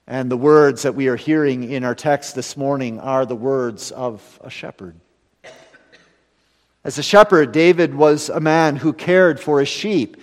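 A man preaches a Sunday sermon with a voice pitched in the middle. He swings between emphatic, ringing lines and quiet, hushed endings. The sound carries a long reverberant tail from the church around him. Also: unhurried. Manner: earnest, rising to emphatic then dropping to hushed.

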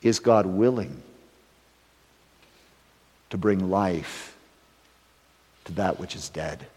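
A man preaching a sermon as pastor, measured, letting phrases fall away and then rising loud for emphasis. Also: low-pitched, slightly rough. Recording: long hall reverb.

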